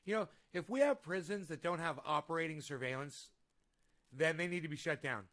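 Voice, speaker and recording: A man's voice: a little high, brisk, fairly bright tone. A man chatting casually on a home stream, rambling and swearing, growing heated when he rants. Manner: rambling, profane, heated ranting. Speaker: vlogger. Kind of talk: casual live-stream chat. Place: home room with a desk. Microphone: desk microphone.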